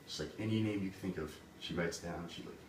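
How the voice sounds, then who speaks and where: Casual low-voiced male storyteller. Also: fast talker, darkish tone. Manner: casual, full of "like" and "he's like". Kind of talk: casual retelling of a fairy tale. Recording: roomy, distant mic, background noise.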